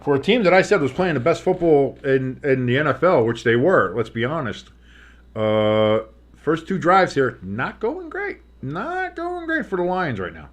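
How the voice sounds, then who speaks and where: Fairly high-pitched and very animated, this man talks at a normal speed. He hosts a live sports stream as its play-by-play voice, calling the action and drifting into casual, joking tangents.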